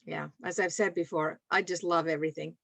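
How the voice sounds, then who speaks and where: A woman in her sixties from Scotland with a softened Scottish accent, chatting in a rambling way and laughing often over a video call. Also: low voice, steady tone, brisk, creaky, no room sound. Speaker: guest speaker. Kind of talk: casual chat on a video call.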